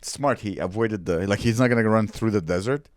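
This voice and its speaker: A man hosting a casual comedy podcast, an animated storyteller who acts out the voices of the people in his stories. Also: fairly low pitch, brisk. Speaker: podcast host.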